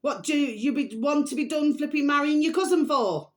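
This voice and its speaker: A woman's voice: sits high, normal speed. Middle-aged woman, vlog host, rambling, emphatic opinion chat. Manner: rambling, chatty, repeats pet phrases, emphatic. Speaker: vlogger host. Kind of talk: casual opinion monologue to camera.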